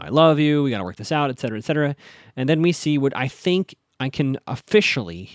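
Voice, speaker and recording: A man hosting a solo podcast, chatting casually through an episode recap, theorizing and quickly acting out characters' lines. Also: mid-range voice, no room sound, studio quality.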